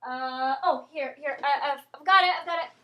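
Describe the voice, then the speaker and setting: Young woman, high voice, rambling webcam vlog, excitable, lots of ums. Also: normal speed, highs cut off. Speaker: vlogger. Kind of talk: casual chat to camera.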